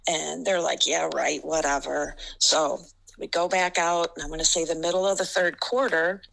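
A middle-aged woman with a low-set, gravelly voice and a bright, forceful edge tells stories as a guest on an interview podcast. She laughs often as she talks, and her delivery stays animated. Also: moderate pace, low-quality recording. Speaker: basketball referee guest. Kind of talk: storytelling interview.

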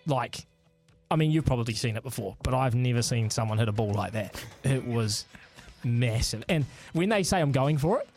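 A man's voice: mid-range voice, expressive, moderate pace, darkish tone, soft background music. A man co-hosting a sports radio show, telling rambling stories in casual banter. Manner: chatty, rambling storyteller. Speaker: radio co-host.

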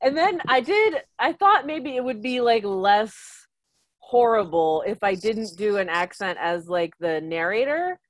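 A woman's voice: fairly high pitch, animated, measured pace, dry recording. A woman co-hosting a podcast in casual chat, self-deprecating and laughing often. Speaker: podcast co-host.

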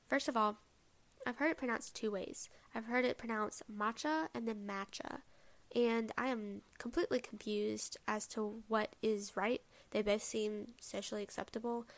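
A young woman hosts her own solo podcast, chatting casually and rambling with plenty of asides. Her voice is fairly high-pitched and gravelly.

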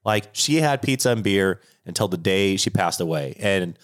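Young guy cohost, swears a lot, gets worked up, lowish voice. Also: moderate pace. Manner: animated, profane, jokey rants. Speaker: podcast co-host. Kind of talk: casual chat.

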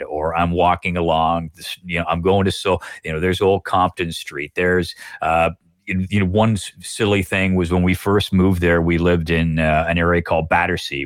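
Middle-aged Canadian man, low voice, dry close sound, measured storyteller, podcast guest. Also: no echo. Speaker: guest broadcaster.

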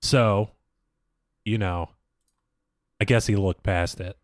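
A man's voice: lowish voice, fairly even intonation, slow, no room sound. A man co-hosting a podcast, talking through ideas in a dry, crude way. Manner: dry, crude, reasoning aloud. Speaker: podcast co-host. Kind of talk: casual chat.

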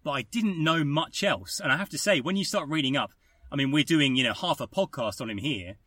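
A man's voice: on the high side, expressive, fairly quick, sharp tone, no echo. A man co-hosting a football podcast, chatting casually and rattling off statistics. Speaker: podcast co-host. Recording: voice a bit distant from the mic.

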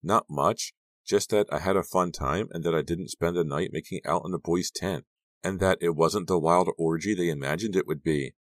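A man's voice: low voice, moderate pace, no room sound, clean studio sound, close to an everyday voice. A man voicing a distraught teenage girl who keeps crying and wails her fears in a shaky, pleading way. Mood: anxious, tearful.

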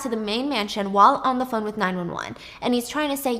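A woman's voice: fairly high pitch, quick pace, few pauses. Chatty young woman retelling a story. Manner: animated, chatty, swears casually. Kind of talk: casual plot retelling.

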